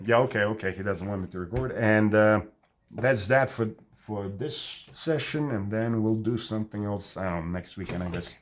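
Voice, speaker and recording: A man chatting casually and haltingly while drawing, with many restarts. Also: fairly low pitch. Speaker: drawing vlogger.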